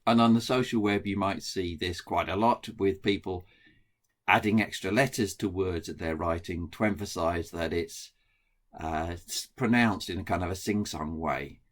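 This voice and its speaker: Middle-aged black country guy giving a lecture, lowish voice, lots of ums. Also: moderate pace. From England. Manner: plain explanatory, with frequent ums and restarts. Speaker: researcher. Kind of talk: recorded lecture.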